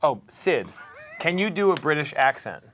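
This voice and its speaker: A man's voice: a little high, sing-song, moderate pace, a bit bright, a little hiss or hum. A man hosting a live web show, reading out viewer questions and teasing his guest. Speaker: host.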